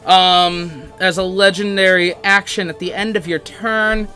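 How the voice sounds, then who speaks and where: A man's voice: high-pitched, steady tone, a little slow, pushed and bright, faint music behind. A man running a tabletop game as dungeon master, narrating casually with many fillers.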